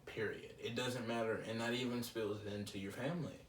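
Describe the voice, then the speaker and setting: A man's voice: medium pitch, fairly even intonation, a little fast. A young man talking casually in a solo podcast, rambling and reflective with lots of fillers. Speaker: podcast host. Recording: roomy, slightly distant mic with faint ambient noise.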